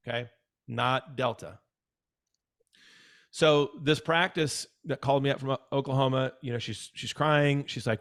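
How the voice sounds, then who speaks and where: A man speaks in a casual, advisory way at a middle pitch. He talks emphatically and repeats himself for stress. He often acts out the words of his clients. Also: steady tone, fairly quick, a bit bright. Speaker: dental practice consultant.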